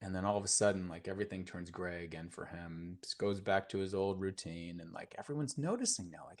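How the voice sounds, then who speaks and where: A man speaks as a mindfulness teacher on a live stream. His delivery is loose and conversational, full of fillers, false starts and repeated words. His tone stays earnest and gently encouraging throughout. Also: low voice, brisk, hardly any pauses.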